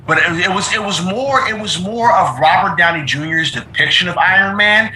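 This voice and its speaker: Animated high-voiced man in a roomy space. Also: normal speed, slight background noise. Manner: animated, repeats phrases, emotional storytelling. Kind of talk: casual chat. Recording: roomy echo.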